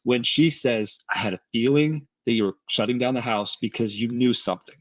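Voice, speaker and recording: A man's voice: medium pitch, fairly quick, dry recording. A man breaking down a speaker's wording point by point while reviewing video clips on a livestream. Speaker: statement analyst.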